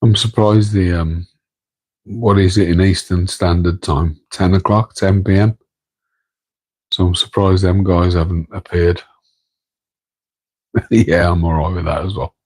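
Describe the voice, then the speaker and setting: A man with an English Midlands accent hosts a relaxed late-night live stream from home, in a room beside an aquarium tank, using a tripod-mounted mic. His deep voice is mellow and husky, fairly even, slow, and full of pauses, and he rambles, jokes at his own expense, and answers chat while keeping quiet so his partner stays asleep. The recording is rough.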